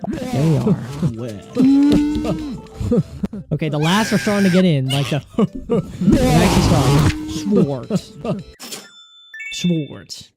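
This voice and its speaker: Excitable giggly woman streamer, lowish voice with wild pitch swings, over loud game music. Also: slow, long pauses. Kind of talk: casual gameplay commentary.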